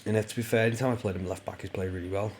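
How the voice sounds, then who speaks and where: A man with a lowish voice talks through a football management game in a loose, rambling way, full of ums and restarts. He breaks into excited play-by-play when the action picks up. A faint background noise sits under the voice. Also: racing. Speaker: gaming YouTuber. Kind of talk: casual let's-play commentary.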